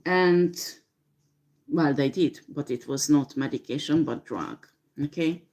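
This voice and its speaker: Slow, low-voiced woman doing a tarot reading. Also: darkish tone. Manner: slow, hesitant, many fillers. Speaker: tarot reader. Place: home with a dishwasher running.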